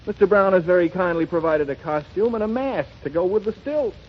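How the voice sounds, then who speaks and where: An actor in a 1930s radio drama playing a broke young actor who jokes, teases and stammers sheepishly. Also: male voice, high voice, a little fast, close to an everyday voice. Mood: wry. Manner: wry, stammering, teasing. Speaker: struggling actor, husband. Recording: dull 1930s radio broadcast, light hiss.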